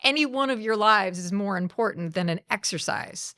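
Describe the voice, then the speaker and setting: A woman's voice: medium pitch, lively intonation, moderate pace, bright, forceful tone. A woman co-hosting a podcast, making her point in an earnest, emphatic way. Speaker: podcast co-host. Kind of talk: casual chat.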